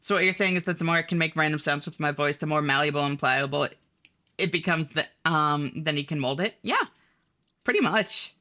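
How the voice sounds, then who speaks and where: Low, bright-toned woman streamer chatting. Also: a little fast. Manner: reads and answers chat messages, chatty with fillers. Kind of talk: casual live-stream chat.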